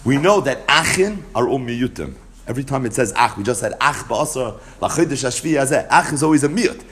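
A man with a Yeshivish English accent teaching a Talmud lesson, retelling the story in an animated, sing-song study cadence. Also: medium pitch, fairly quick. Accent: American Yeshivish English with Hebrew-Aramaic terms. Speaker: Torah teacher.

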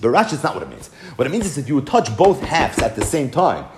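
Animated man teaching a Talmud lesson. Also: medium pitch, fast talker, background noise. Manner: animated, acts out the rabbis' dialogue; Yiddish-inflected Hebrew and Aramaic terms mixed into English.

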